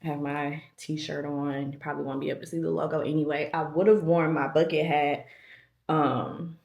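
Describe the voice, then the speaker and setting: A woman's voice: low-pitched, flat delivery, moderate pace, gravelly, a little mellow, roomy sound. A woman vlogging in casual talk to camera, chatty and self-deprecating, a little out of breath, with many fillers.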